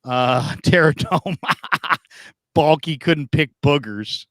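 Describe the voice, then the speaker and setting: A man's voice: on the high side, slow pace, fairly bright tone, no room sound, studio quality. A man hosting a casual show, telling stories, laughing often and reading viewer comments aloud. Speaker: host.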